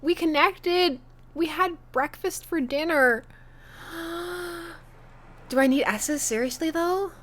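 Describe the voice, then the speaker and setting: A woman streaming a video game, commenting in a chatty, self-mocking, excitable way. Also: very high voice, slow pace, long pauses, a little hiss or hum. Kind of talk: let's-play commentary.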